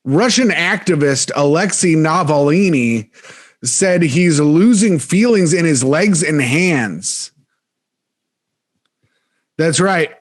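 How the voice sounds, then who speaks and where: A man's voice: on the high side, expressive. A man co-hosting a comedy podcast, chatting casually, laughing often and stumbling through read-out jokes. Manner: joking, laughs often, reads jokes haltingly. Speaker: podcast co-host.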